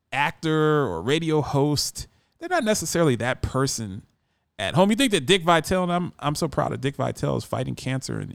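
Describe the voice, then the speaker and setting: A man's voice: a little high, creaky, a bit bright, smooth, no room sound, clean studio sound. A man who hosts a radio show, talking in a brash, emphatic casual monologue.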